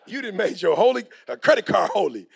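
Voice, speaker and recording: Middle-aged guy preaching motivation, high raspy voice, swoops all over, slangy. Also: brisk. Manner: preachy, animated, slangy, acts out quoted people. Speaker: motivational speaker. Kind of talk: motivational speech.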